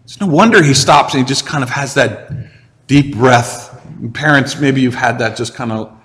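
A man's voice: medium pitch, moderate pace, a bit bright, in a large hall. A pastor in his forties giving a conversational sermon, asking the listeners rhetorical questions. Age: 40s.

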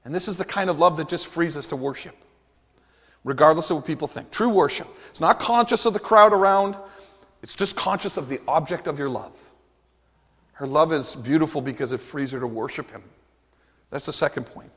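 A man's voice: fairly high pitch, brisk, fairly bright tone, husky. A man preaching a sermon as pastor, earnest and emphatic, asking the congregation rhetorical questions. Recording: long hall reverb.

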